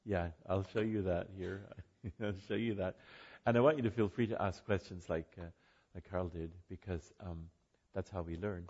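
Husky older man giving a chatty talk. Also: deep voice, fairly even intonation, moderate pace, a little mellow, lo-fi sound. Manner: chatty, rambling asides with self-corrections and laughs. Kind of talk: informal presentation to a group. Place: room with an audience.

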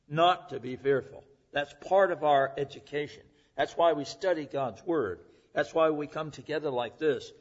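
A husky man preaches to his congregation, earnest and emphatic, letting his voice swell and then fall almost to a hush. The recording is dull and lo-fi, with the top end muffled. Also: mid-range voice. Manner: earnest, emphatic, swings between loud and hushed. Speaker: pastor. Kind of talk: sermon. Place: church service.

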